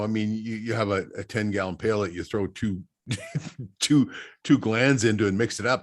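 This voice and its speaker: A man hosting a casual podcast chat, telling rambling stories and laughing at his own punchlines. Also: on the low side. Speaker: podcast host.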